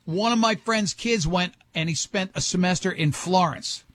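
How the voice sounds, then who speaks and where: A man's voice: high voice, normal speed, a bit bright. A middle-aged man hosting a talk show, telling rambling, joking stories in casual chat. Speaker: radio show host.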